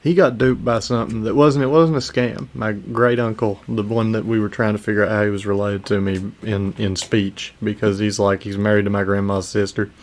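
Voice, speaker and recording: A man's voice: fairly low pitch, level tone, a little fast, few pauses. A man co-hosting a podcast, bantering in a blunt, profane way. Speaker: podcast co-host. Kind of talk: casual chat.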